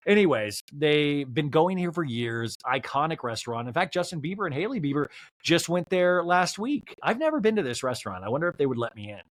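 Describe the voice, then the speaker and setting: A man's voice: medium pitch, expressive, a little fast, no room sound, studio quality. A young man hosting a podcast, recapping a reality show with snarky, mocking humor. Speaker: podcast host. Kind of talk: comedic TV recap.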